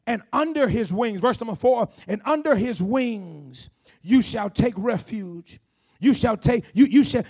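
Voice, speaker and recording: High-voiced preaching man. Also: slightly rough. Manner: preaching with rising shouts and call-outs to the congregation. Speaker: pastor. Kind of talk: sermon.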